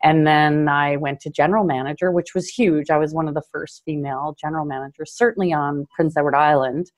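Low-voiced Canadian woman, earnest storyteller. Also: steady tone, a little fast. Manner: earnest, gets choked up, many fillers. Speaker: guest, car dealership owner. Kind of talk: interview storytelling.

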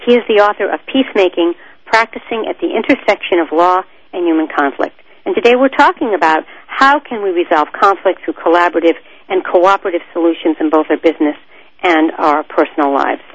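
A woman hosting a radio talk show, introducing her guest and asking questions in a smooth announcer-like way. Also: fairly low pitch, a little fast, dry recording, dull audio. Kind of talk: radio interview.

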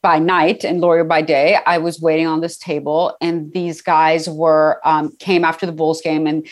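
A middle-aged woman speaks as an interview guest, her voice sitting a little low. She tells her story casually, with fillers, restarts and easy laughter. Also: level tone, normal speed. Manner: chatty, laughs often, many fillers.

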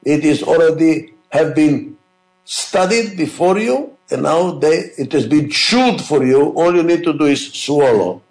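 Gravelly man lecturing emphatically. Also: a little high, a little slow, darkish tone, reverberant, poor audio. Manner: emphatic, repetitive, asks rhetorical questions. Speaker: management lecturer. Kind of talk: classroom lecture.

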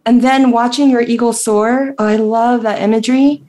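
A woman's voice: on the high side, steady tone, normal speed, mellow. Woman guest on a talk show, middle-aged, earnest, encouraging. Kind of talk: casual interview chat.

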